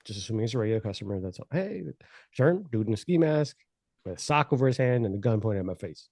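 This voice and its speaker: A man telling a story on a podcast in a casual, animated and profane way, laughing as he goes. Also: lowish voice, fast talker, no room sound, clean studio sound.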